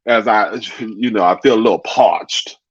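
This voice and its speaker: A man hosting a casual chat show, talking in an animated way and answering viewers' comments directly. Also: fairly low pitch, a little slow, slightly rough, dry recording, muffled recording. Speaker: talk show host.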